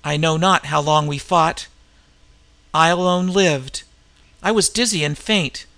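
A man's voice: a little high, a little slow, pushed and bright. A man voicing a dazed barbarian warrior. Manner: grim and dazed. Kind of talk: audiobook reading.

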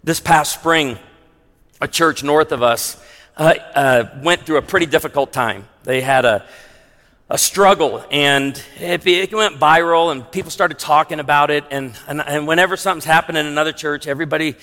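A man preaching a sermon as pastor, emphatic, slowing down hard on key lines, with wry asides. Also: a little high, sharp tone. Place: large church sanctuary with long reverb. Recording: long hall reverb in a sanctuary.

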